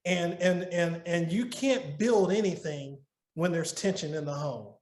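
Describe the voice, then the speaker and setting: A man's voice: fairly high pitch, unhurried, a little mellow. A middle-aged man talking as a podcast guest, giving earnest advice on marriage in a conversational way and often repeating and restarting words as he tells a story. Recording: roomy echo.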